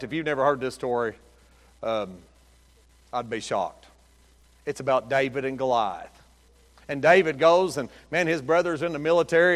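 A man preaching a sermon, rising to shouted emphasis and dropping to quiet, folksy storytelling. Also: fairly high pitch.

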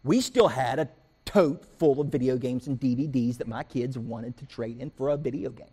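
Delivering his sermon at a normal speed, this husky, medium-pitched pastor tells stories from daily life. He brings the characters to life, doing their voices and launching into rants.

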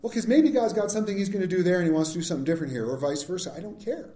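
Male pastor, conversational sermon, mellow tone, roomy sanctuary echo. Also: sits high, rapid-fire. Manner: candid, self-deprecating, conversational. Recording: echoey church sanctuary.

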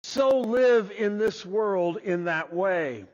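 Slow high-voiced preacher in an echoey hall. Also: male voice, animated, a little mellow. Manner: deliberate, stammers on first words. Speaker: pastor. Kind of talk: sermon.

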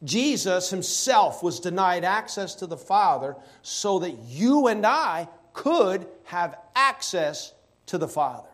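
A man preaching a sermon, stressing key words slowly and asking rhetorical questions. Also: sits high, very animated, a bit bright.

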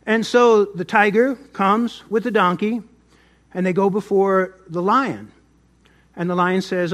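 A middle-aged pastor preaching a sermon, swinging between loud emphasis and soft asides. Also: male voice, high voice, measured pace, pauses often.

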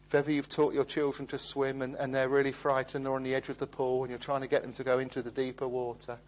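A middle-aged male preacher gives an evening sermon in an earnest, pleading tone. His voice sits at an ordinary pitch, and he lingers over quoted verses. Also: completely flat delivery. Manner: earnest, gently pleading, slows on scripture.

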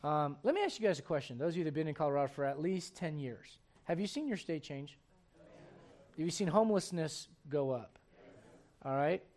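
High-voiced man preaching emphatically. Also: animated, brisk, darkish tone. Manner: emphatic, asks the congregation questions; reads scripture aloud in old wording. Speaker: pastor. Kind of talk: sermon.

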